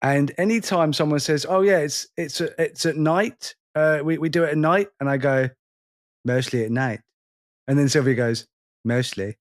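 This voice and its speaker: A man's voice: on the high side, normal speed. A man in his forties co-hosting a podcast, chatting casually and rambling in a self-mocking way, often restarting his sentences. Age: 40s. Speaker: podcast co-host. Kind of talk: casual chat.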